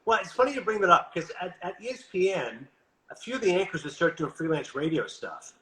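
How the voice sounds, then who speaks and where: A Canadian man telling stories in a casual interview, animated and quick, acting out what others said. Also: high-pitched, echoey room, low-quality recording. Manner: animated, quick, quotes others in lively asides. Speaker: guest broadcaster.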